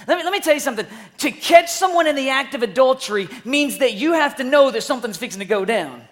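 Fairly quick and high-voiced, this preacher delivers an energetic sermon story that alternates loud outbursts with quiet asides. He also puts questions to his listeners.

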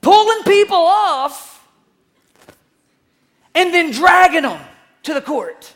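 A preacher telling a story in an energetic sermon, swinging between loud bursts and hushed asides and asking the listeners questions. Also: very high-pitched, slow pace.

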